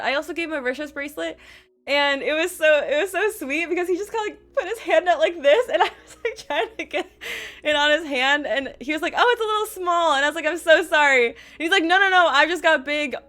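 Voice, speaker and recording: A young woman chats through a gushing story on her stream, her voice high and bright, edging toward sharp. She talks in a quick, casual flow full of fillers and quoted lines. Faint music plays under her voice. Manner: gushing, chatty, lots of "like" and quoted dialogue.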